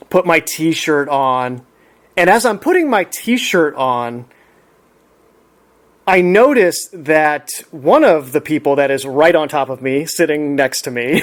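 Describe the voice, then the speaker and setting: A man telling a personal story in an unhurried, reflective way, often laughing as he talks. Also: fairly high pitch, a bit bright.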